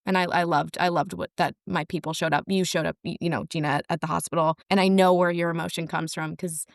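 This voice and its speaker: A woman's voice: lowish voice, fairly even intonation, quick pace, creaky, dry recording, clean studio sound. A young woman telling her story in a candid, wry way on a casual podcast.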